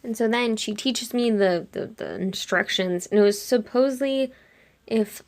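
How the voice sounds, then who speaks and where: A young woman chatting casually while she sketches, retelling a dream in an animated way and acting out her own lines with lots of "like". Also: on the high side, unhurried. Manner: chatty, animated quoting of herself with frequent "like". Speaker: art vlogger.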